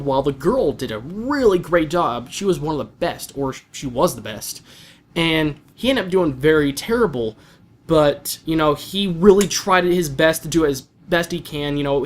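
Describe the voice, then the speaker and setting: A man's voice: a little high, normal speed. A young man giving a casual, rambling spoken review of an anime episode, full of fillers and restarts.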